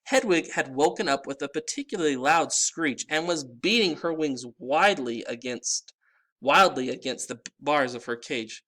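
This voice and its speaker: Guy reading a kids story out loud, super animated voice. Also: on the high side, normal speed.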